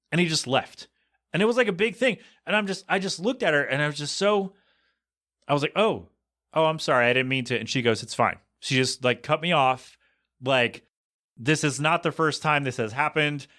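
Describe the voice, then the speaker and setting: A male podcast host talks in a loose, rambling monologue, his voice sitting a little high. His tone is bright and forward, and he jumps into quick acted-out lines of dialogue as he tells his story. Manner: animated storytelling, acts out quoted voices.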